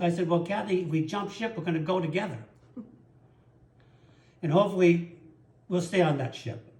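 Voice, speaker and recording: A man's voice: on the high side, dark tone. A man preaching a sermon as pastor, telling personal stories in an earnest way. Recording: roomy echo.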